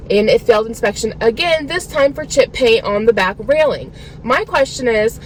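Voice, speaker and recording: A woman's voice: a little high, a little hiss or hum, low-quality recording. A woman vlogging from her car, talking casually and venting her frustration in a rambling way with lots of filler words. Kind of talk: casual venting vlog to camera.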